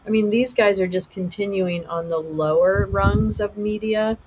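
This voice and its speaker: A woman hosts a casual livestream at a middling pitch, blunt and profane in her commentary. A faint noise sits under her voice the whole time. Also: moderate pace. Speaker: livestream host.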